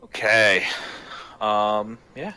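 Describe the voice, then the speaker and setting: A man acting as game master, narrating a tabletop game in an easygoing, unhurried way on a live stream. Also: lowish voice, fairly even intonation, sharp tone, clear, resonant tone.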